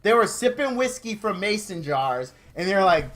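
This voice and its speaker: A man's voice: high-pitched, very animated, moderate pace, fairly bright tone. A man streaming a comedic rant, exasperated and mocking, who acts out made-up quotes in goofy voices.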